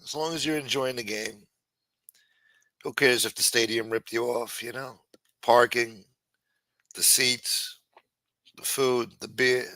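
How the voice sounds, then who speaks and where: A bright, forceful man hosts a late-night live stream and riffs on viewer comments. His talk rambles and is full of cursing. The sound is dry and close to the mic. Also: medium pitch, steady tone, slow pace, pauses often, no room sound. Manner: profane, rambling and riffing. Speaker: live-stream show host. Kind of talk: casual chat, reading viewer comments.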